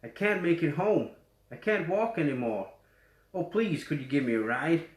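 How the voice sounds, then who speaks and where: A man's voice: fairly high pitch, expressive, a little slow, pitched above the performer's own voice. A Yorkshire man doing a tired little boy. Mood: plaintive. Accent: West Yorkshire. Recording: roomy echo.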